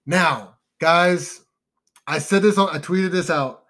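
A young man co-hosting a casual podcast chat, excitable and emotional, calling his listeners "y'all". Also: a little high, takes it slowly. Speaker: podcast co-host.

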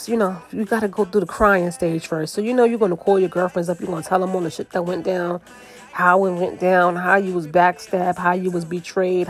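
A woman giving a casual, chatty podcast card reading, talking in an animated way and often checking in with "right?" and "you know". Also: lowish voice. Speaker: tarot card reader.

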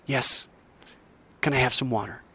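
A man's voice: medium pitch, unhurried, sharp tone, husky, no room sound. A man doing a feverish older woman. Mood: fussing grateful.

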